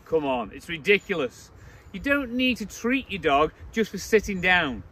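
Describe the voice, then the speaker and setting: A man's voice: sing-song, moderate pace, noisy background. A man giving blunt, opinionated dog-training advice to camera, outdoors. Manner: blunt, opinionated, mocks baby talk in a high voice.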